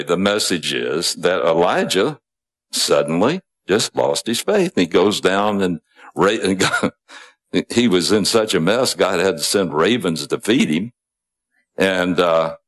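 Male preacher, deep voice, unhurried storytelling sermon delivery. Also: a bit bright. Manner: conversational storytelling with asides and chuckles.

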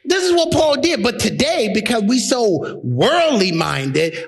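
A man preaching a fiery sermon as pastor, impassioned and at times shouting. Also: very high-pitched, very animated, a little slow, gravelly. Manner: impassioned, rising to shouts, mocking voices of critics.

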